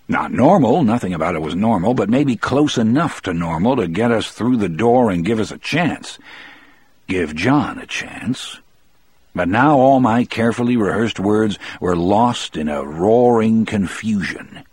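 Husky, low-voiced male audiobook narrator. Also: animated, darkish tone, no room sound. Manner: measured, reflective. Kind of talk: first-person audiobook narration.

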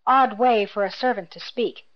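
A cold, menacing male imperial officer, as a woman reads him, quiet and clipped, mocking the people before him with calm authority. The recording sounds a little dull and lo-fi, and the voice sits at a middling pitch. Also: normal speed, natural voice.

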